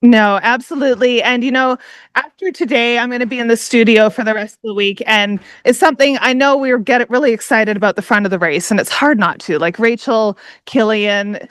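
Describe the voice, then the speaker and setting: A woman's voice: fairly high pitch, fairly quick, fairly bright tone, smooth, dry recording. A woman in her thirties from Canada doing live race commentary, enthusiastic and chatty, often laughing. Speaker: livestream commentator. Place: outdoor aid station.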